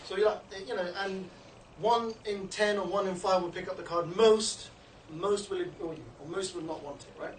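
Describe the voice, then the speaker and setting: A man giving an informal training talk to a group, chatty and often checking in with "you know" and "yeah?". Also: normal speed. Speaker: street outreach trainer. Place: indoor meeting room. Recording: low-quality recording, distant mic in an echoey room with background noise.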